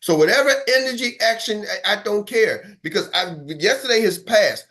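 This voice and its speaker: A man with a high, animated voice and sharp tone speaks at normal speed, coaching his sales team over an online meeting. The motivational talk is fired-up, emphatic and preachy, with repetition for punch, and he addresses the live group directly, calling on listeners by name.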